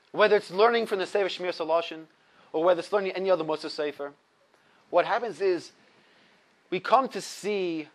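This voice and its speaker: Teaching a lesson on religious ethics, a man who teaches Torah tells a lively story with big jumps in volume from loud to soft. His voice is on the high side.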